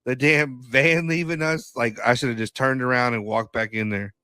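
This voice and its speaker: A man's voice: mid-range voice, normal speed, clean tone, no echo. Slangy man telling stories, dry sound. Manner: animated storyteller, acts out quotes, laughs often; slangy, swears. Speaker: podcast co-host. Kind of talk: casual chat.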